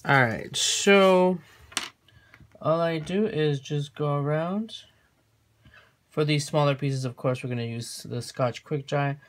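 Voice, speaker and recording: At a home work table, a craft tutorial host chats through a hands-on demo, often stopping mid-sentence to correct themself. The camera is framed on the work surface, and the mid-range voice moves slowly with long pauses.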